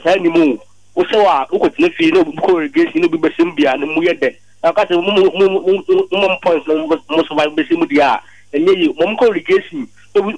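A man calling in to a sports radio show, talking slowly about football. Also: sits high, vocal fry, rough recording. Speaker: caller. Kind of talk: call-in sports radio chat.

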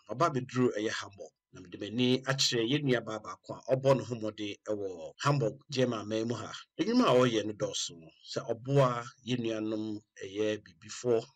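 A man narrating a radio report in a steady, formal way. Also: fairly low pitch.

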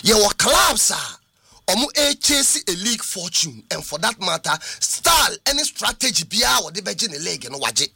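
A man's voice: high-pitched, very animated, moderate pace, gravelly, sharp tone, slightly rough, dry recording. A Ghanaian man, a football pundit, arguing insistently in a heated studio debate, reeling off names and ages.

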